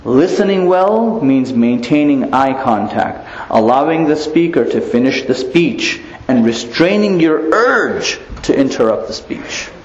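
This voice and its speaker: A man preaches an Islamic lecture in a lively, animated way, full of rhetorical questions and playful asides. His voice sits at a middle pitch. The recording is a bit muffled, with a roomy echo and a faint hum behind him. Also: measured pace, few pauses. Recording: echoey muffled room recording.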